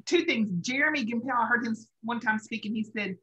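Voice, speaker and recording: A woman's voice: on the high side, fairly quick, sharp tone, poor audio. A middle-aged woman co-hosting a faith talk show, telling a personal story in an earnest, emotional way. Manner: earnest storytelling, emotional, laughing through tears at moments. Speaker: co-host sharing a personal story.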